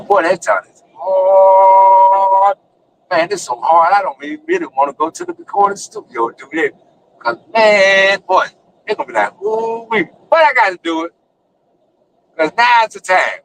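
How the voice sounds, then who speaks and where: An older man hosting his own stream, talking in an excitable, brash and profane way, dropping "man" and "you know what I'm saying" all through, from inside a vehicle. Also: high voice, a little hiss or hum, low-quality recording. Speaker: streamer and show host. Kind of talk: casual hyped vlog talk.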